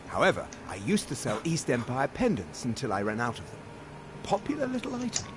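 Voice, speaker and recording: Boastful elf shopkeeper. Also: male voice, medium pitch, wildly swooping pitch, a little fast. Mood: salesy. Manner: salesman-like, boastful. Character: male dark elf shopkeeper, chatty and ambitious. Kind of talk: video game dialogue. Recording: game audio with background noise.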